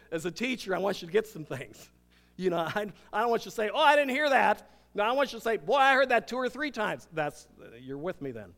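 An older male pastor preaches with a high voice that rings out into a reverberant church hall. He swings between loud, emphatic declarations and hushed, intimate passages. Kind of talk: sermon. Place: church sanctuary.

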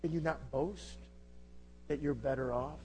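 A man preaching an impassioned sermon, asking rhetorical questions and swinging between loud and hushed delivery. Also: a little high, measured pace, slight background noise. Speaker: pastor.

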